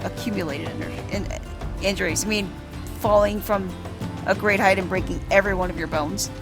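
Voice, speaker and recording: A woman's voice: mid-range voice, steady tone, a little fast, music in the background. A woman giving casual, wry commentary while playing a video game, amused by what happens. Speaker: gamer. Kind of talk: casual let's-play commentary.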